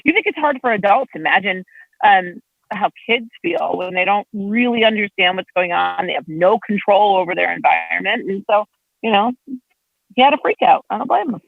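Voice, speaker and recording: Her voice creaky and her pace moderate, a woman legislator from state government chats as a guest, spinning lively stories full of wide pitch swings. The line sounds thin and phone-like, without echo.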